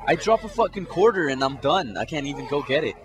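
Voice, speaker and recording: A man's voice: fairly high pitch, big pitch swings, fast. A man giving casual commentary on a game he is playing, blurting profane reactions. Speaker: gameplay commentator. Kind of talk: casual let's play commentary. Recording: game music behind.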